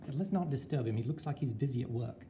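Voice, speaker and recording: A man's voice: mid-range voice, fast talker, mellow, slight background noise. A male teacher from Texas, putting on an Australian accent, gives a playful walking tour of his school with jokey asides. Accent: put-on Australian accent. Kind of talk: walking video tour narration. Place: empty school hallways and rooms, indoors. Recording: echoey hallways, faint ambience.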